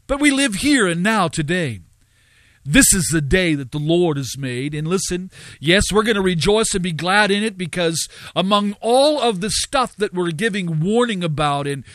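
An earnest male host of a live radio show, recounting events and exhorting his audience with plenty of ums and uhs. His voice sits slightly high for a man, and the studio sound is dry and close. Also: a bit bright, no room sound. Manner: earnest preaching cadence with fillers. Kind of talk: live radio talk, storytelling.

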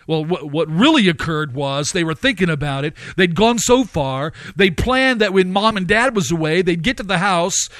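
A man's voice: high-pitched, a bit bright, no echo. A man preaching a sermon, emphatic, with repeated phrases and sudden rising outbursts.

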